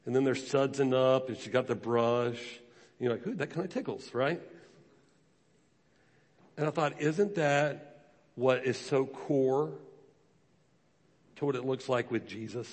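A man's voice: mid-range voice, a little slow. Man preaching in an echoing hall. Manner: storytelling with acted quotes, animated. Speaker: pastor. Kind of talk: sermon. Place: church sanctuary. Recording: long reverb of a large hall.

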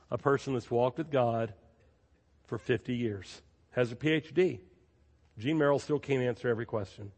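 A man preaching a sermon as pastor, telling stories in a lively way and repeating phrases for emphasis. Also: mid-range voice. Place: church sanctuary. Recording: long reverb of a large church.

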